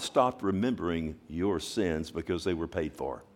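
A man preaching a sermon at a church service, with emphatic bursts, quiet slowed stretches and repeated questions to the congregation. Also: low-pitched, expressive. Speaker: pastor.

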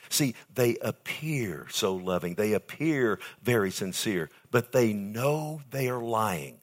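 A man preaching a sermon as pastor, with emphatic delivery that swings from hushed to loud and keeps asking the audience questions. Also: fairly low pitch, lively intonation, takes it slowly, few pauses.

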